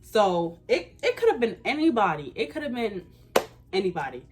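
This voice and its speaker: A woman's voice: medium pitch, sing-song, normal speed, over music. A woman in her twenties telling a casual storytime, slangy and emphatic. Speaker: vlogger.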